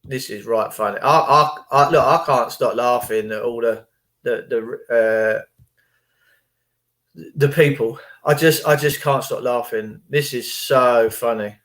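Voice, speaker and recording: Reacting to videos on his channel, a man casually rambles through stories and relays phone calls in reported speech. He speaks slowly in a medium-pitched, slightly bright voice.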